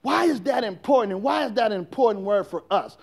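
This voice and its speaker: Male pastor, very high-pitched, shouting sermon with call-and-response. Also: lively intonation, fast, creaky.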